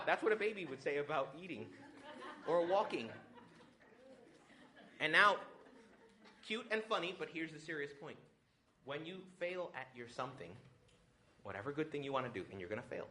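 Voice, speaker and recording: A man, a priest, giving a retreat talk, joking and lively, often acting out little voices. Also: on the high side, normal speed, long pauses, a little hiss or hum. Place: retreat hall with audience.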